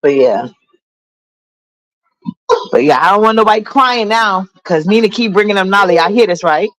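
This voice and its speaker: A woman's voice: mid-range voice, expressive, moderate pace, fairly bright tone, rough recording. Blunt, sassy woman chatting on a livestream. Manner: blunt, sassy, talks straight to her chat. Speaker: livestream host. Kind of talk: casual livestream chat.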